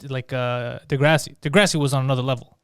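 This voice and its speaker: A man's voice: mid-range voice, fairly even intonation, fast, clear, resonant tone, no room sound, studio quality. A man co-hosting a comedy podcast, chatting casually and loosely, swearing and acting out quotes in put-on voices. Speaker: podcast co-host.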